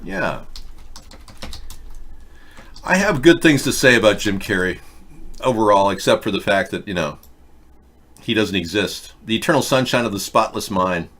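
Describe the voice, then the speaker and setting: A man in his sixties hosting a casual live stream, rambling and joking in a deadpan way. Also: lowish voice, moderate pace, pauses often. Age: 60s. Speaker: host.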